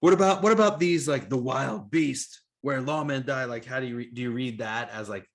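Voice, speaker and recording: An easygoing man co-hosting a podcast, chatting casually about comics. His delivery is loose and conversational. His voice sits at an ordinary middle pitch. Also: normal speed. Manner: easygoing, chatty, laughs often. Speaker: podcast co-host.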